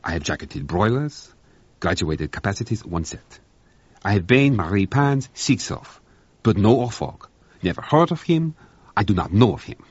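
A man's voice: lowish voice, big pitch swings, normal speed, slightly rough, no echo. A man doing an indignant cook. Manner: indignant, theatrical, emphatic denials. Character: excitable French male head cook. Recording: dull, dry lo-fi recording.

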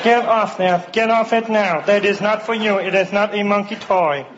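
A man doing an impression of a professor speaking through a flat, mechanical voice synthesizer. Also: high voice, moderate pace, lightly acted. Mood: monotone. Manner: flat mechanical delivery mimicking a speech synthesizer. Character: robotic synthesized-voice male scientist, flat and monotone. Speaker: stand-up comedian. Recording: lo-fi live recording with loud crowd noise.

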